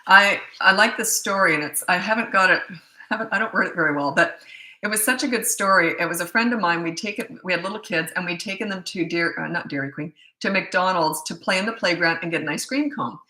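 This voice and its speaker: A woman's voice: lowish voice, fast, bright, forceful tone, roomy sound. A middle-aged woman parenting coach giving blunt, chatty advice and telling stories from her own family life. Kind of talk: casual advice talk.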